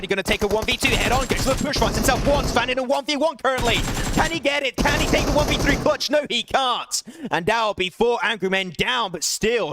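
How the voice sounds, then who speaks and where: A young man calls a mobile battle royale match by himself on a live stream. He talks quickly and climbs into excited shouts at the big plays. His voice sits high. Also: noisy background. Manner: excitable, rising to shouts at big plays, laughing apologies to chat. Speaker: esports caster. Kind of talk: solo live esports play-by-play.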